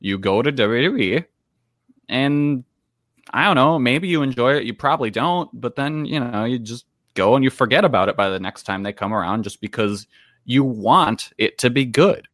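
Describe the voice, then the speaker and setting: A man's voice: mid-range voice, animated, normal speed, fairly bright tone, dry recording, studio quality. A man co-hosting a casual podcast, telling stories and acting out other people in the conversations he describes. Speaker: podcast co-host. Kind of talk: casual wrestling discussion.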